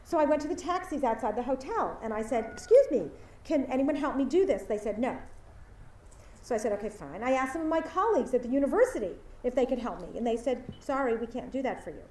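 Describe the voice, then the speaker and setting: Woman, high voice, animated storytelling speech, roomy hall, heard from afar. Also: fast, a little hiss or hum. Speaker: commencement speaker. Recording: echoey hall from far off.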